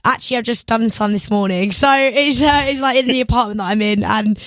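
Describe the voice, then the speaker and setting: A woman's voice: fairly high pitch, fairly quick, a bit bright, dry recording. A young woman from England with an English accent, chatting casually as a guest in a radio interview, laughing often between thoughts. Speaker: guest singer.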